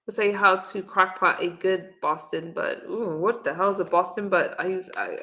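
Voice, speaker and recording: A middle-aged woman hosting a casual livestream, chatting in a relaxed way and reading viewer comments and recipes aloud. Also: on the low side, normal speed. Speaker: livestream host. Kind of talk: casual live-stream chat. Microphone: webcam or phone on camera.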